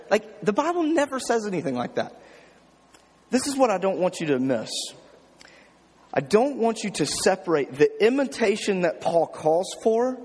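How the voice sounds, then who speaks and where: A man's voice: high voice, very animated, a little slow, a little mellow, husky. Man preaching in an echoing hall. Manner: talks informally, checks in with "okay?" and "right?". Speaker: pastor. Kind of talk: conversational sermon.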